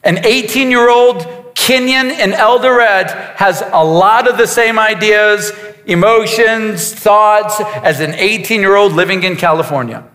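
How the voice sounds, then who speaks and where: A man's voice: sits high, unhurried, fairly bright tone, long reverb tail. A man preaching a sermon as a pastor, emphatic, with repetitions and asides to his congregation.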